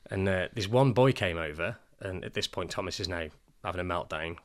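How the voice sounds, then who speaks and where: Lively dad telling stories. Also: male voice, sits low, brisk. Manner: animated storyteller, acts out quoted voices. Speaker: podcast co-host. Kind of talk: casual podcast chat.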